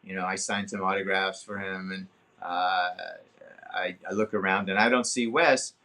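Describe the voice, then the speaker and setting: A man in his seventies, a guest telling a long, animated story in an interview, swearing freely. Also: moderate pace. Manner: animated, swearing, acts out quotes with big pitch jumps. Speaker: guest actor. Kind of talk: anecdotal storytelling in a podcast interview.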